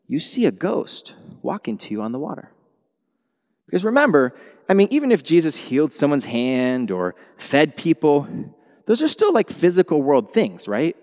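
A middle-aged male pastor delivering a sermon with a lively, swinging pitch. He acts out dialogue in different voices and laughs often. His voice carries a long reverb from the church hall. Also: normal speed.

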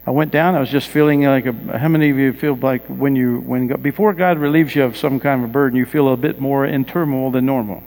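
A man's voice: mid-range voice, steady tone, a little fast, gravelly, few pauses, a little mellow. A male pastor preaching a sermon, telling personal stories with rising emphasis and asking the congregation questions. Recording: long reverb of a large hall.

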